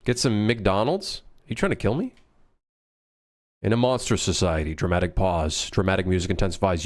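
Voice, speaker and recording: Low-voiced man rambling on a stream. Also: normal speed. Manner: rambling, jokey, swears freely, thinks out loud. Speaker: game developer streaming. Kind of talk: casual live-stream chat.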